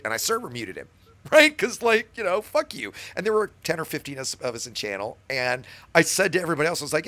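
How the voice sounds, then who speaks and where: A man streaming a space game tells a story to his voice-chat crew with a bright, forward voice. His telling is animated, and his pitch jumps high when he acts out the other people. He swears freely and keeps checking in with "right?". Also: fast talker.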